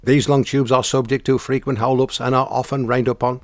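A man's voice: medium pitch, flat delivery, brisk, no echo, voice pushed up, close to an everyday voice. A man voicing a male alien captor who reports in a stiff, formal put-on accent. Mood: earnest reporting.

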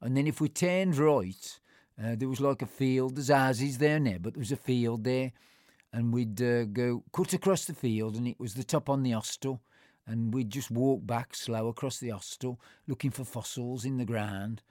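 A man's voice: mid-range voice, moderate pace, darkish tone, no echo, studio quality. An older man with a Black Country accent, casually reminiscing about his childhood in a rambling way with many fillers and restarts. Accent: Black Country English. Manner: rambling, full of fillers and self-corrections; acts out other people's voices in anecdotes. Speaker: storyteller.

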